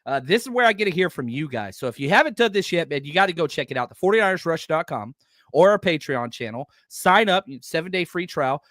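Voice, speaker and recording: A man hosts a live postgame fan show, his voice swinging widely up and down as he talks bluntly about the game. His pitch sits a little high for a man. The sound is dry and close, with no room echo. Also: quick pace. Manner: animated, blunt, reads out viewer chats. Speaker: podcast host.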